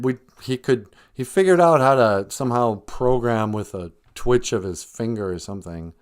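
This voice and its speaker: A man hosting a live comedy podcast, rambling through mock-earnest, deadpan satire. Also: fairly low pitch, smooth. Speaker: podcast host.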